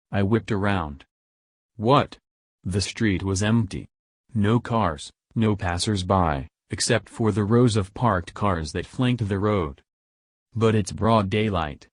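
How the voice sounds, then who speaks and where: A man reading a creepy first-person story as a narrator, in a steady, measured way. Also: fairly low pitch, no room sound, studio quality.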